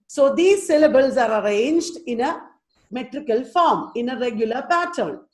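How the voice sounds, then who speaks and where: A woman with an Indian English accent giving an online lecture, patiently repeating and sounding out words. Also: sits high. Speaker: teacher giving a webinar.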